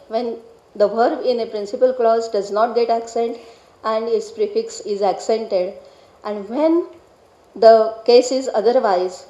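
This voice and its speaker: A woman reading out an academic lecture in a measured, deliberate way, carefully pronouncing technical Sanskrit terms. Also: a little high, mellow, reverberant, lo-fi sound. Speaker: scholar presenting a paper. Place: lecture hall.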